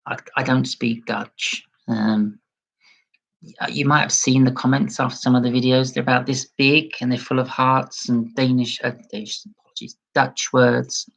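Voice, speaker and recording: A man chatting casually on a livestream and reading out viewer comments. He talks in a self-deprecating way and gently lifts his voice toward a feminine tone. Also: medium pitch, flat delivery, moderate pace, creaky, poor audio. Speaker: livestream host.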